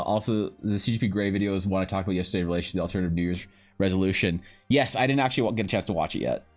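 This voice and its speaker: A man streaming live while drawing, chatting casually in a rambling, joking way with animated asides. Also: low-pitched. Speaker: streamer and game master. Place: home streaming setup.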